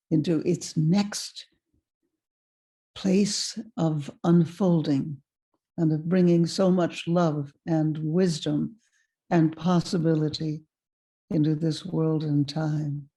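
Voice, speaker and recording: A woman giving a guest talk, telling a personal story in an expressive, unhurried way. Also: lowish voice. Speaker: guest speaker.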